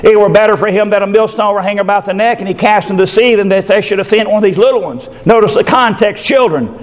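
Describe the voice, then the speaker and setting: An older man preaching a fervent sermon, dropping into low asides and then rising into high, shouted passages. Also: fast talker. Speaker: pastor.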